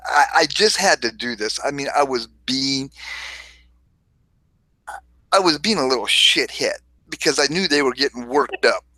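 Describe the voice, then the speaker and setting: A man hosts a livestream and tells a long, crude story in a rambling way, laughing and swearing as he goes. His voice is bright and a touch high. It is recorded close and dry, with no room sound. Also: no room sound, rough recording. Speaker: livestream host.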